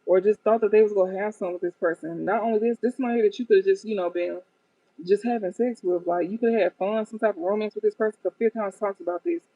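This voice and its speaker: A woman's voice: mid-range voice, fairly even intonation, fast talker, warm tone, no echo. A woman giving a casual tarot reading to her viewers, blunt and profane, often cracking up at the cards. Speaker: tarot card reader. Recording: tinny phone-like dry sound.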